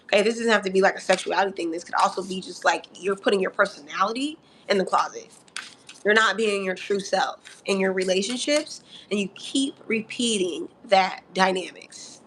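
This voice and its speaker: A woman's voice: mid-range voice, normal speed, a little hiss or hum. Sassy woman giving a tarot reading. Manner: sassy, animated, calls the audience honey and darling; laughs often between remarks. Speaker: tarot reader. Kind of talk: live astrology tarot reading.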